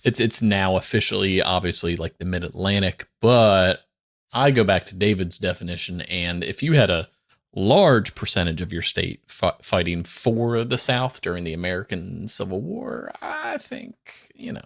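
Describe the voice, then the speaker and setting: A man co-hosting a casual podcast, chatty and quick to laugh while telling stories. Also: low-pitched, very animated, vocal fry, a bit bright. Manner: chatty storyteller, laughs often. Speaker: podcast co-host.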